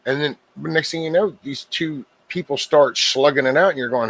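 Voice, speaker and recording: A middle-aged man hosting a livestream, rambling casually to his viewers with frequent swearing and halting restarts. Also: mid-range voice, fairly bright tone. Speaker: livestream host.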